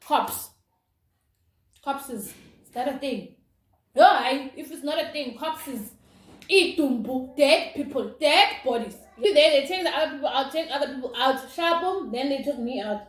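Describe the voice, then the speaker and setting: A young woman telling a personal story in a casual, animated, dramatic way, as a vlogger. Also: high voice. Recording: roomy with faint noise.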